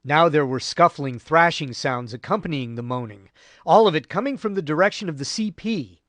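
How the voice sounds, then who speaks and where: A man narrating a war history audiobook in a measured, grave storytelling voice. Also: on the high side, fairly bright tone, dry recording. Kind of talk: scripted narration.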